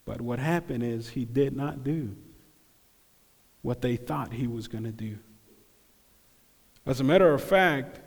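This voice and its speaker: A man preaching a sermon, animated, acting out the crowd's voices and dropping to hushed tones. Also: mid-range voice, a little slow, long pauses, long reverb tail. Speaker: pastor.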